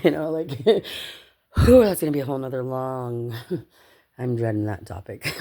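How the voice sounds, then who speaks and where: Woman, low voice, casual vlog storytelling, chatty, swears, laughs a lot. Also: unhurried, pauses often, dark tone. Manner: chatty, swears, laughs often, addresses viewers as you guys. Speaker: vlogger.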